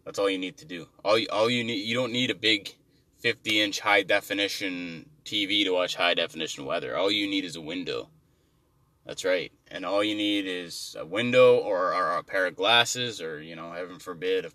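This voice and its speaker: A man's voice: low voice, moderate pace, sharp tone, no echo, distant mic. A man doing a rambling, profane, exasperated comic rant, recorded slightly off-mic.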